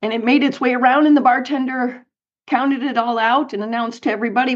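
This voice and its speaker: A middle-aged woman from Colorado, a guest telling animated anecdotes in an interview with light laughs. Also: sits high, fast, lo-fi sound. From United States, Colorado. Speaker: guest, author and speaker. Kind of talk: storytelling interview.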